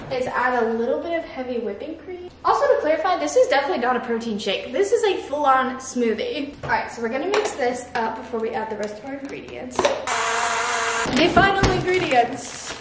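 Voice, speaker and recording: A woman's voice: high-pitched, lively intonation, moderate pace, roomy sound, noisy background. A woman in her twenties chatting casually to camera in her home kitchen as a vlogger. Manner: chatty, talks to camera while cooking. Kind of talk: casual vlog chat.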